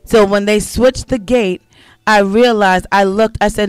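Smooth-voiced middle-aged woman telling a story. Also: mid-range voice, steady tone, unhurried, no echo. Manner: conversational, repeats herself, addresses listeners directly. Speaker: speaker sharing a personal testimony. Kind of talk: casual storytelling monologue.

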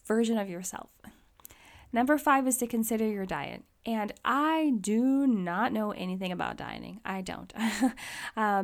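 A woman's voice: medium pitch, gravelly, a little mellow. A woman talking casually and candidly, giving encouraging fitness advice as a vlogger.

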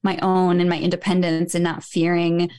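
A woman in her thirties speaks as a podcast guest. Her voice sits a little low, and she tells her story in a chatty, animated flow. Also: moderate pace. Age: 30s. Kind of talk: casual interview conversation.

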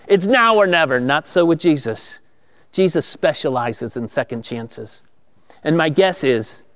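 A man preaching an Easter sermon as pastor to viewers at home, emphatic and rising when he quotes. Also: a little high.

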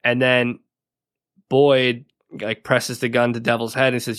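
In a clean, fairly bright mid-range voice with a level tone, this man takes his time recapping a TV episode on the podcast he co-hosts. He's chatty, laughs frequently, and leans hard on "like."

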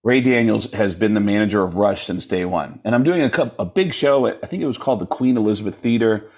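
Husky-voiced man telling a story. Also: fast talker, a little mellow. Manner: acts out voices in quoted dialogue, jumping high and low. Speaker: comedian and impressionist guest. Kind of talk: animated storytelling with impressions.

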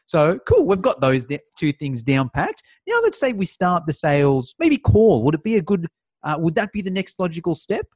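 Host: man, upbeat, slightly higher voice, dry close mic. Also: very animated, moderate pace, darkish tone, husky, dry recording. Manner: upbeat, recapping in steps. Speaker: podcast host. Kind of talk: podcast conversation, summarizing.

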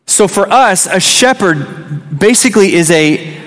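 Youth pastor in his thirties, slightly high voice, casual storytelling sermon in a reverberant church. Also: animated, a little slow, fairly bright tone. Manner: conversational, restarts often, acts out quotes. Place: church sanctuary.

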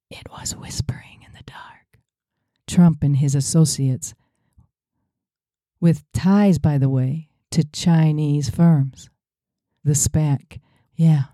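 A woman's voice: deep voice, mellow, dry recording, clean studio sound. A woman co-hosting a podcast, talking in a sarcastic, mocking way. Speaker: podcast co-host. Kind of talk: opinionated podcast chat.

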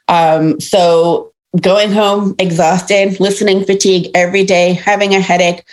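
Lower-voiced woman telling stories as a guest. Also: unhurried, hardly any pauses. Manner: lively storytelling, acting out quoted dialogue. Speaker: pediatric audiologist and chef. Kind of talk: podcast interview.

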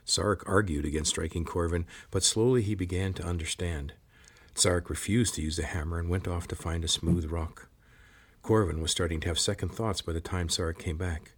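Male audiobook narrator, low and husky, measured storytelling. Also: fairly even intonation. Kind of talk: scripted narration.

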